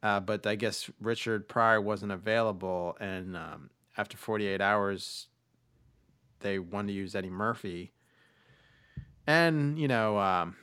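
His voice fairly low and a bit bright, a podcast host rambles casually about movies with lots of fillers and restarts. The recording is dry and studio quality.

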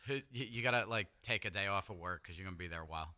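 A young man co-hosting a casual podcast, teasing his friend with crude jokes and quick interjections. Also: sits low, sharp tone. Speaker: podcast co-host. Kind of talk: casual banter.

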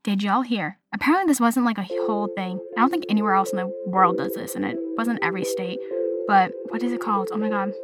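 A young adult woman talking in a casual solo vlog, chatty and animated, slipping into little voices to act out what people say. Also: medium pitch, fast, loud music behind the voice. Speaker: vlogger.

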